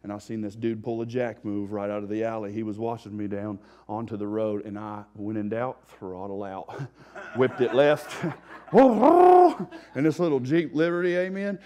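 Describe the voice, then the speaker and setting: A man speaking in church, preaching his own story of being rescued from addiction. He talks in loose street slang and acts out his old panic with animated energy, then drops into earnest exhortation. His voice sits at an ordinary middle pitch for a man. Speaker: testimony speaker at a recovery revival. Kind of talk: sermon-style testimony.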